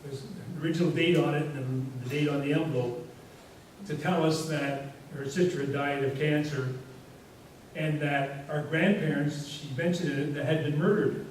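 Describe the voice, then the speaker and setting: A man's voice: on the high side, fairly even intonation, moderate pace. Rambling man speaking in an echoey hall. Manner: rambling, anecdotal, frequent "you know" fillers. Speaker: guest speaker. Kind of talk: casual storytelling presentation. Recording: echoey hall from far off, faint hiss.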